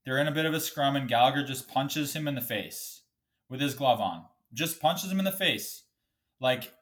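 A man's voice: fairly high pitch, fairly bright tone. A man hosting a solo podcast from his bedroom, ranting angrily and swearing a lot, a bit sniffly. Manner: angry, profane, swears often. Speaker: podcast host.

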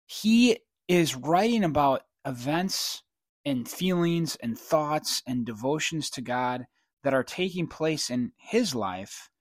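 A man's voice: mid-range voice, no echo. Earnest man teaching the Bible, dry sound. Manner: earnest, conversational, grows emphatic.

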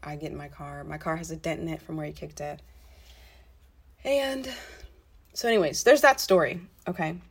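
Low-pitched and husky, this young woman talks at normal speed with long pauses while casually recounting something that happened to her. As a storytelling vlogger she curses freely, stays blunt, and keeps tossing in asides.

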